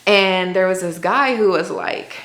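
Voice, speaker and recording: In an echoey room, a woman with a lowish, slightly bright voice speaks a little slowly. She's an interview guest giving an earnest, conversational testimony of faith, saying "like" over and over.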